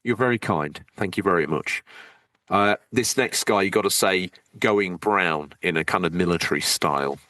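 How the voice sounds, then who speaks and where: Male podcast co-host, bright lowish voice, dry sound; playful, teasing, digressive. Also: moderate pace, dry recording. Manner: playful, teasing, rambling with jokey asides. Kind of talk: casual banter, reading out supporter thanks.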